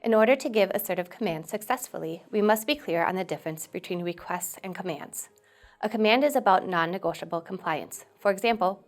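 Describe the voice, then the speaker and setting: A woman trainer giving scripted instructional narration in a steady, explanatory way. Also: on the low side, a little fast.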